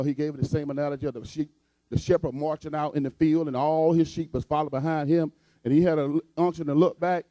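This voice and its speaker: A man's voice: fairly high pitch, warm tone, no room sound. A man preaching a sermon as pastor, with a repetitive cadence that builds to fervent emphasis.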